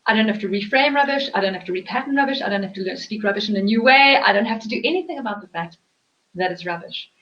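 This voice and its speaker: A woman's voice: mid-range voice, expressive, fast talker. Earnest woman coach, lo-fi audio. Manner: earnest, explanatory, repeats phrases for emphasis. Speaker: host and life coach. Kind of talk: reflective interview talk.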